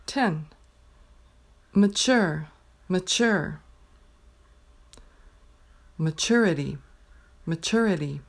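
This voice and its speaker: A woman teaching pronunciation, slowly reading a numbered word list and saying each word twice with careful clarity. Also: on the low side, expressive. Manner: says each word twice, clearly and deliberately. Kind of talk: slow dictation of a word list.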